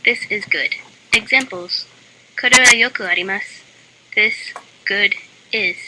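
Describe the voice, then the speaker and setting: A woman delivers a parody language lesson with a flat, deadpan read and dry asides. A loud, steady hiss runs under her voice the whole time. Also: mid-range voice, normal speed. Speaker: lesson narrator. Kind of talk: mock language lesson reading with joke asides. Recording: loud constant background hiss.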